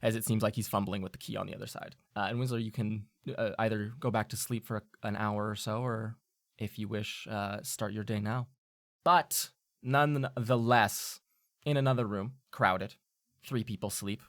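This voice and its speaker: A man's voice: fairly low pitch, fairly even intonation, normal speed, fairly bright tone, dry recording, clean studio sound. A man narrating a tabletop game as game master, loose and full of fillers.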